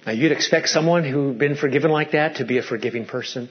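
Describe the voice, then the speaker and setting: A man preaches with fervent emphasis, driving his points home with runs of rhetorical questions and strings of intensifiers. His voice sits fairly high for a man. The recording is dull and lo-fi. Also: animated, a little fast. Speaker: pastor. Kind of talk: sermon.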